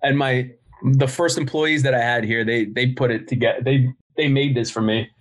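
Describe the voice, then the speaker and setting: Speaking at a moderate pace with a medium pitch and fairly even intonation, this middle-aged man is a business founder guesting on a podcast. He tells his stories bluntly, cursing freely in relaxed interview conversation.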